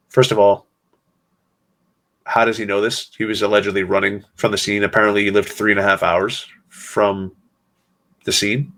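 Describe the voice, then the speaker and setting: A man hosting a solo podcast, talking in a somber, sarcastic way with many pauses. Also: fairly low pitch, flat delivery, a bit bright. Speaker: podcast host.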